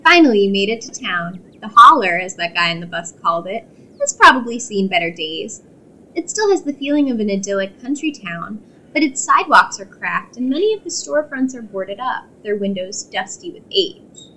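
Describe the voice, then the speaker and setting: Animated young woman reading game narration. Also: medium pitch, normal speed, rough recording. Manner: animated, laughing asides. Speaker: streamer playing a story game. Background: game music.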